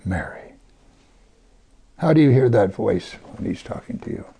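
A man preaching a sermon, reading scripture aloud and commenting on it, at times dropping his voice very low for emphasis. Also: expressive, fairly quick, creaky, slightly rough. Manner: reads scripture then comments, drops to soft near-whispers for emphasis.

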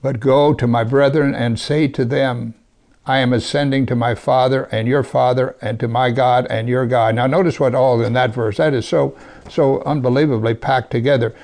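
Preaching a sermon in a gravelly, creaky voice, a man reads from scripture and then offers commentary, at times dropping to a soft hush to drive a point home. His pitch sits mid-range, his intonation stays fairly even, and his pace is moderate.

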